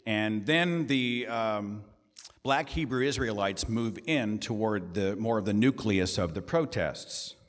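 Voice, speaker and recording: A man's voice: lowish voice, slow pace, in a large hall. A man giving a talk, with a conversational manner and many rhetorical questions. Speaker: guest speaker. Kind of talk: lecture presentation. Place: lecture hall.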